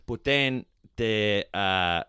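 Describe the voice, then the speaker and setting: A man's voice: fairly low pitch, drawn-out words, pushed and bright, smooth, dry recording, studio quality. A man co-hosting a podcast, telling crude, rambling stories in a casual comedic chat. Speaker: podcast co-host.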